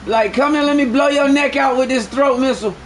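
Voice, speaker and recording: A man live-streaming a game, bantering loudly with friends in profane slang. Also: very high voice, fairly quick, a little hiss or hum.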